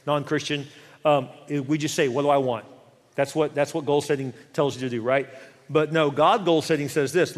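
Animated pastor preaching in a reverberant hall. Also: male voice, a little high, fast talker. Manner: animated preaching with rhetorical questions and acted-out quotes. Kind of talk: sermon. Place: church sanctuary. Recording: long reverb of a large church hall.

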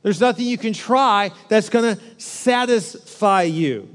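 High-voiced joking preacher in a hall. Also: male voice, measured pace, a bit bright. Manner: joking, conversational preaching with asides to the crowd. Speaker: pastor. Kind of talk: sermon.

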